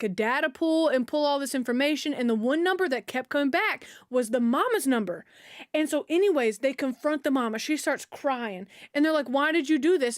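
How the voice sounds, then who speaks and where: A woman's voice: high voice, no echo, studio quality. A young woman streamer retelling a story in casual, slangy chat, full of fillers and outbursts.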